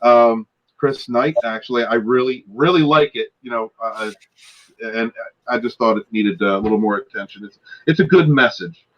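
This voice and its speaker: A man's voice: medium pitch, normal speed, lo-fi sound. A man in his forties, a guest on a casual live stream, rambling and laughing with many fillers and restarts. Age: 40s.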